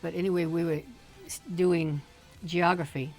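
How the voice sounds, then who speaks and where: Older lady chatting, lowish voice, laughs a lot, faint music behind. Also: flat delivery, moderate pace, a little mellow. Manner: chatty storyteller, laughs often. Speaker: streamer's mother, guest. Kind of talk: casual chat.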